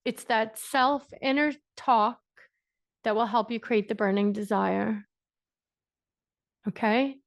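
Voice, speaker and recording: A woman's voice: fairly high pitch, steady tone, takes it slowly, gravelly, long pauses, dry recording, clean studio sound. An Irish woman giving an emphatic, repetitive motivational talk to a group on a coaching call, laughing often. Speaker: business coach.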